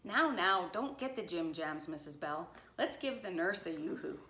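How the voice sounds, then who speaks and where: A woman's voice: lowish voice, animated, normal speed, sharp tone. A woman doing a cheery, folksy school principal. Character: jolly male school principal. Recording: roomy echo.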